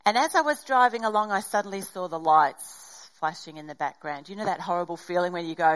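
A woman's voice: on the low side, fast talker, few pauses, poor audio. A middle-aged woman preaching a sermon, telling a personal story and acting out the dialogue. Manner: animated storytelling, acts out dialogue.

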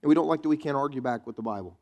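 A pastor preaching a sermon in a chatty, joking way, teasing the congregation. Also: male voice, mid-range voice, very fast, a little mellow. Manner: conversational preaching with quips to the congregation.

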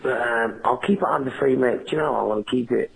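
A man's voice: mid-range voice, fast talker, gravelly, breathy edge, low-quality recording. A man with an English accent calling into a show, crude and pushy, swearing as he talks. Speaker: caller. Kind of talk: phone call to a show.

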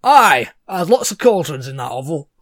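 Gruff old witch woman, blunt and grumbly, a touch high, as a man plays her. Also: sing-song, moderate pace, fairly bright tone, no room sound, clean studio sound. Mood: cheeky.

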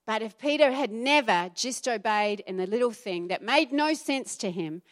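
Woman pastor, middle-aged, slightly high pitch, animated sermon delivery. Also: moderate pace. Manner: animated preaching, acting out quoted voices.

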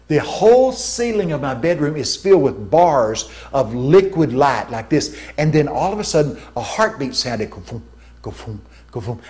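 A man preaching a sermon, telling stories with vocal sound effects and swinging between hushed tones and shouts. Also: mid-range voice. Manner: shifts from hushed to shouting for emphasis.

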